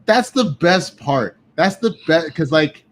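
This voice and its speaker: A man in casual podcast chat, telling animated, profane stories and acting out what others said. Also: fairly high pitch, slow pace. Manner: profane, animated storytelling with quoted voices. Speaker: guest.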